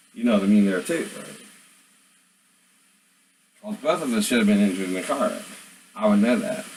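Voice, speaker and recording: A man with a fairly low voice vlogs from home in a low-quality recording with a little hiss or hum. In a rambling monologue to camera, he vents, addresses people who aren't there, and keeps asking "right?"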